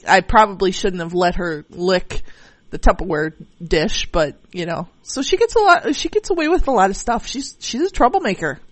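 A woman's voice: medium pitch, dry recording. A woman co-hosting a podcast, telling a rambling story with many fillers and restarts. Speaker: podcast co-host. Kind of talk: casual chat.

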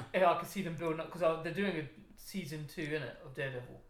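Young slangy man, fairly high voice. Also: quick pace, noisy background. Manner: slangy, laughs often, trails off mid-sentence. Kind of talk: casual chat. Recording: echoey room with faint ambience.

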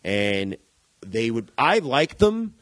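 A man's voice: mid-range voice, sing-song, takes it slowly, a bit bright, rough recording. A man in casual podcast chat about music, rambling, laughing often and swearing casually. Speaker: podcast co-host.

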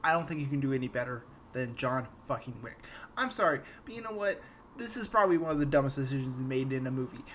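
A man's voice: mid-range voice, fast talker, a little hiss or hum. A young man hosting a podcast, ranting casually about a film, swearing freely and tripping over his words. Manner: animated, ranting, swears freely, stumbling restarts. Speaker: podcast host. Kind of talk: casual ranting movie talk.

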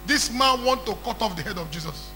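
A preacher voicing an urgent warning angel. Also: male voice, sits high, animated, brisk, pushed and bright, slight background noise, full character voice.

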